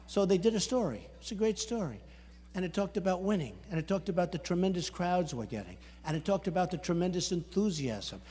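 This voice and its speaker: A man's voice: high-pitched, breathy edge. Boastful New man at a rally. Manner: boastful, repetitive, breaks into shouts. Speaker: political candidate at a rally. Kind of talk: campaign rally speech. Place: large indoor rally hall. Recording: long hall reverb at a rally.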